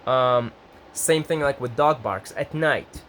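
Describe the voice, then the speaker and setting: Rambling, excitable young man vlogger. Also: slow pace, a little hiss or hum. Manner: rambling, self-interrupting, lively pitch jumps when excited. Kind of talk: casual talk to camera.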